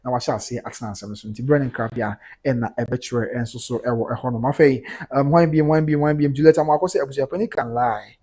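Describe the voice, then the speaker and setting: A Ghanaian man with a husky, breathy voice hosts a casual livestream. He reads viewer comments aloud one after another and reacts to each, switching between Twi and English. His pitch sits in an ordinary middle range. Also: fairly even intonation, a little fast, hardly any pauses, mellow. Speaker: livestream host reading comments.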